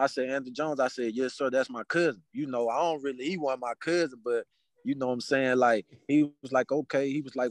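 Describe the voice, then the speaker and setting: A man's voice: medium pitch, brisk, dry recording. A man from Mobile, Alabama, a podcast guest telling a story in casual chat and acting out the dialogue in it. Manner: animated, acts out dialogue in quotes.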